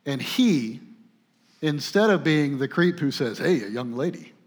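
A man preaching a sermon in a conversational way, with asides and restarts, who swings from emphatic points to soft, tender passages. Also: fairly high pitch, lively intonation, measured pace. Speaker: pastor.

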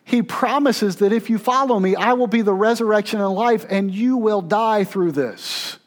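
A man preaching a sermon as pastor, with dramatic swings between loud intensity and hushed near-whispers. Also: high-pitched, moderate pace.

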